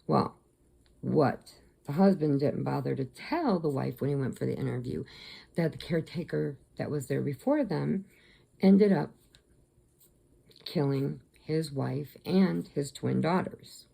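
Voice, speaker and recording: A woman's voice: sits low, measured pace, gravelly, mellow, breathy edge. A woman crochet vlogger chatting to camera at home, retelling a story in a rambling, chatty way with restarts.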